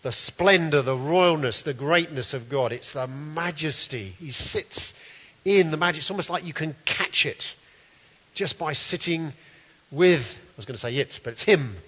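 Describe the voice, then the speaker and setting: Male preacher, earnest sermon delivery, bright tone, slightly high, dull echoing hall recording. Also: normal speed, slightly rough. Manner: earnest, reads scripture aloud and comments. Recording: dull, roomy hall sound.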